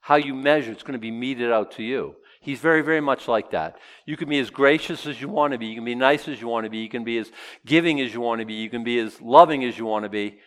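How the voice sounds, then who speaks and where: A man's voice: mid-range voice, quick pace, fairly bright tone. A man preaching a casual, humorous sermon, stopping to joke and voice imagined objections. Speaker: pastor. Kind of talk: sermon with verse-by-verse teaching.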